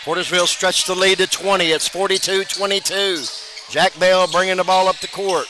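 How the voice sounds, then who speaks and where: A man doing brisk play-by-play commentary of a basketball game, his voice jumping up loud on big plays. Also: high-pitched, level tone. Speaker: play-by-play announcer. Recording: broadcast over loud gym noise.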